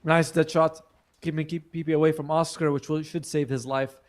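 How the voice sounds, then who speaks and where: A man's voice: fairly high pitch, level tone, fairly quick. A man giving chatty, playful color commentary on a live esports match.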